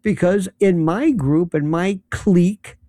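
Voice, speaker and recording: A man's voice: high-pitched, takes it slowly, dark tone, no echo, studio quality. A man putting on a clueless, smug flag-waving pundit with a mock-naive sing-song manner.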